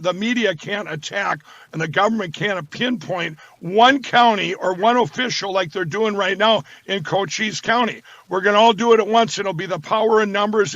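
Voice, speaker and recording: A man talking as a guest, rambling and repeating words as he slips into a sales pitch. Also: a bit bright, no room sound. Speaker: guest, company founder. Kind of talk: casual talk with sales pitch. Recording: dull lo-fi sound.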